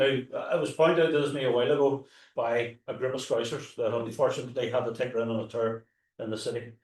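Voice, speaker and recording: Derry man giving a talk in a roomy hall. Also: medium pitch. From Northern Ireland. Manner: conversational, with frequent restarts and asides. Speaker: tour guide and historian. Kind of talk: informal talk to a live audience. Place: forum hall. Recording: roomy hall, mic at a distance.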